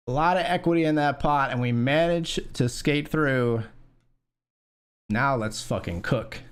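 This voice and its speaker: A man's voice: medium pitch, a little slow, clear, resonant tone. Rambling poker streamer guy, swearing casually. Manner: rambling, filler-heavy, profane; excitable when winning. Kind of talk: casual live-stream commentary.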